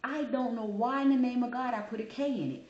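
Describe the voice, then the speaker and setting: A woman hosting her channel, talking casually to camera and telling her story in an animated, chatty way. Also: fairly high pitch, quick pace, lo-fi sound. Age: adult. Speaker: channel host. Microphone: camera mic. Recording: roomy echo.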